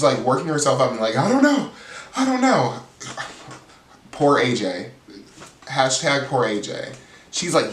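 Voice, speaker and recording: A channel host who reviews reality TV recaps a show in a chatty, gossipy way, saying "like" constantly. His voice is medium-pitched and a bit bright, and the recording sounds roomy, with a distant mic.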